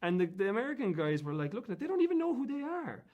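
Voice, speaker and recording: Racing along with a high, slightly mellow voice and big pitch swings, an Irish man tells casual stories as an interview guest. His anecdotes ramble, packed with fillers and restarts.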